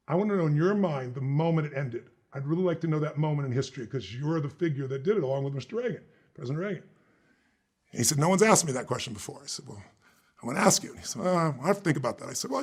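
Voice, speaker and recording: A man from the United States, telling an anecdote in an emphatic, lively way during an interview, acting out the dialogue he quotes. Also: a little high. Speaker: guest, business speaker. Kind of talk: animated storytelling in conversation.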